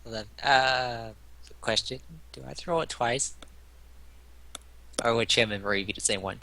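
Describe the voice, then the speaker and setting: A man playing a tabletop game, excitable and quick to swear. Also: medium pitch, gravelly. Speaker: player.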